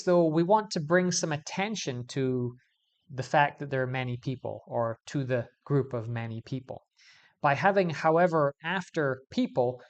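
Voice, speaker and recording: A man teaching English grammar in a video lesson, explaining clearly and stressing key words as he goes. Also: fairly high pitch.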